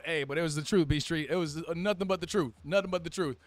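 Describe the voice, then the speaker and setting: High-voiced hype game stream commentator. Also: male voice, fast, few pauses, dry recording. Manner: hype play-by-play with casual slang, chats with viewers. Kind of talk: live-stream play-by-play commentary.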